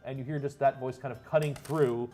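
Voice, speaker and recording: A man's voice: medium pitch, steady tone, brisk, warm tone, faint music behind. Man narrating as game master. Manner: descriptive, rambling, with restarts.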